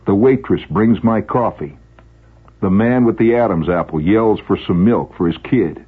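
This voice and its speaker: A man's voice: fairly low pitch, measured pace, husky, narrow, tinny audio. A man telling a first-person story in a wry, vivid way.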